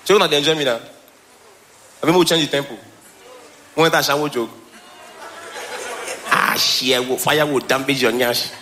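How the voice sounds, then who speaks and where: A man with a Nigerian accent performing a stand-up comedy special on stage, animated, slipping between Pidgin and English and laughing often. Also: mid-range voice, normal speed, long pauses, slight background noise. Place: stage before live audience.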